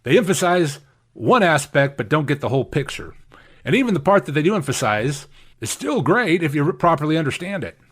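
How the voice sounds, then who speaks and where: A man's voice: a little high, very animated, brisk, fairly bright tone, husky. A man preaching a sermon, emphatic and repeating key phrases for stress. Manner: acts out quoted speakers in shifted voices. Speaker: pastor.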